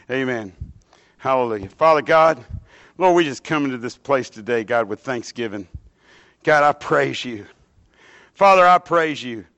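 A man preaching and then leading a prayer in church, fervent and casual, swelling loud on scripture and dropping soft in prayer. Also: on the high side. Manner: casual asides like "dude" and "hey, man". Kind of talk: sermon and spoken prayer. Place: church sanctuary with a standing congregation.

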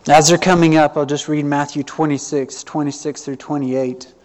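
A middle-aged man, preaching a sermon earnestly, with swells and hushed drops. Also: a little high, fairly even intonation, normal speed. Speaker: pastor.

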